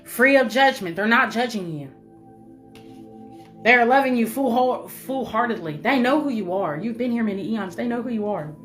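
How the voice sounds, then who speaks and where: Woman, higher voice, spiritual pep talk, swears a lot, repeats herself, faint music behind. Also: lively intonation, moderate pace, a bit bright. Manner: emphatic, repetitive, swears freely, calls listener baby. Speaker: spiritual reader. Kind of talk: motivational spiritual message to viewers.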